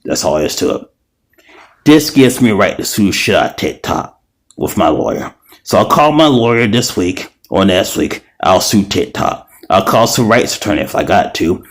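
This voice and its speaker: A man rants into his own video in a fairly low voice. He is heated and profane, circling back over the same points and tripping into restarts as he goes. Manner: profane, heated, repetitive ranting; stumbling restarts. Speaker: video creator. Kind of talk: angry ranting vlog.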